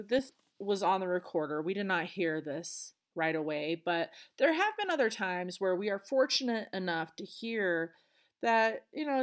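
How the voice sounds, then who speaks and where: Chatty woman podcast host. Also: mid-range voice. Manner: chatty, earnest retelling with casual asides. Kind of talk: solo podcast storytelling.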